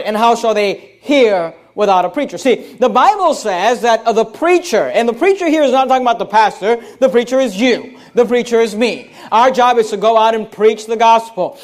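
High-voiced emphatic preacher man. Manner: emphatic, repeats key phrases, reads verses in King James wording; stretches words for emphasis, with some fillers and restarts. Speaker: pastor. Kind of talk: Bible-study sermon.

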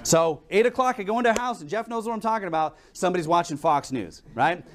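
A man's voice: high voice, expressive, fast. A young adult man preaching a sermon in a conversational way, telling stories and asking rhetorical questions.

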